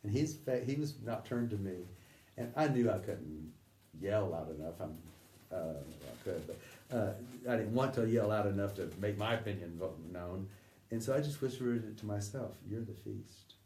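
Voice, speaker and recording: Middle-aged guy telling old stories, low mellow voice, lots of restarts, sounds far off in a roomy space. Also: lively intonation, a little hiss or hum. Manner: halting, restarts, acts out quoted voices, drops to near whisper. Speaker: storyteller recounting memories. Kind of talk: conversational anecdote telling. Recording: distant roomy recording with faint ambience.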